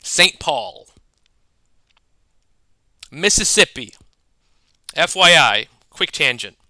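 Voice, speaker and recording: A man giving scripted explanatory narration, measured and dotted with wordplay asides. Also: a little high, expressive, sharp tone, dry recording. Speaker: educator.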